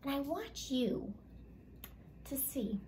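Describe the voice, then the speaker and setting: A woman teaching a phonics lesson to young children, sounding out letters slowly and with exaggeration, and prompting and praising the class in an upbeat way. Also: high voice, big pitch swings, warm tone, a little hiss or hum.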